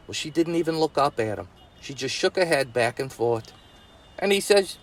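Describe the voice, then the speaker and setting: A man with a Brooklyn accent telling a story to his nephew, folksy, with rough grammar and chuckling asides. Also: mid-range voice, very animated, moderate pace, fairly bright tone. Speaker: storyteller uncle. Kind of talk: bedtime-style storytelling.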